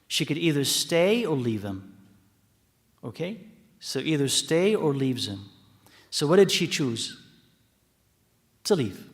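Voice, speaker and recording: A man's voice: fairly high pitch, very animated, takes it slowly, long pauses, in a large hall. A man teaching a religious lesson to a live audience, explaining the text with repeated points, rhetorical checks and brief Arabic phrases. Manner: mixes in short Arabic phrases and blessings. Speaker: lecturer teaching hadith. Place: mosque hall.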